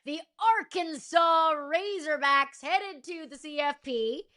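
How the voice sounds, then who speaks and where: A woman's voice: sits high, slow, sharp tone. A woman co-hosting a sports talk show, arguing her case emphatically and rattling off stats. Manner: emphatic, rhetorical, lists stats. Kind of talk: argued sports pitch.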